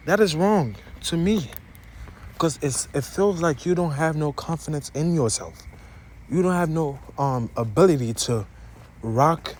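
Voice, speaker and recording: Young male vlogger, African and American accents mixed, rambling and blunt, faint street noise behind. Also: fairly high pitch. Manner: rambling, repeats and restarts phrases, addresses viewers directly. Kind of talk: opinionated casual monologue to camera.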